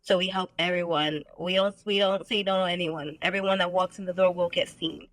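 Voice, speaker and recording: Woman, nonprofit worker, phone video call, bright tone, brisk. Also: fairly low pitch, fairly even intonation.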